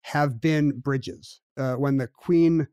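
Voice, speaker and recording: A man co-hosting a podcast, chatting casually with wry jokes and quick asides. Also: mid-range voice, mellow, clean tone, dry recording, clean studio sound. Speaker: podcast co-host. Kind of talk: casual chat.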